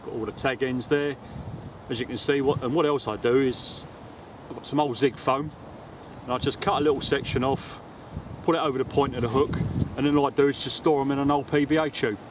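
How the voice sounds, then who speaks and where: An angler vlogger chats casually to camera while fishing outdoors by a lake, explaining his tackle as he goes in this fishing vlog. His medium-pitched voice is steady and brisk, against a noisy background.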